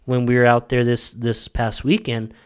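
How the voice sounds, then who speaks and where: A man's voice: mid-range voice, normal speed, clear, resonant tone. A man co-hosting a casual podcast chat, telling a story animatedly and acting out what others said. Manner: animated storyteller, acts out quoted voices. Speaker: podcast co-host.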